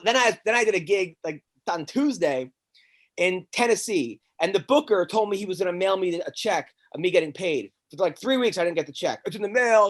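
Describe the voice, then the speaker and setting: High-voiced, this comedian-turned-podcast host rambles through an extended tale during a loose chat. He's lively and foul-mouthed, tripping over words and restarting lines often.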